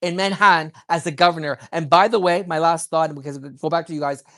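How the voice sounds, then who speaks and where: A woman delivering an emphatic, heated political monologue, words tumbling out in bursts with many restarts. Her voice sits slightly low and she sounds fully worked up. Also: steady tone, a little fast, fairly bright tone. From child of immigrants.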